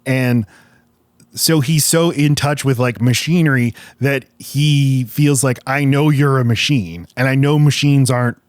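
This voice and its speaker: Man, podcast co-host, steady thoughtful chat, mid pitch, dry sound. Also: unhurried, dry recording. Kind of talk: casual chat.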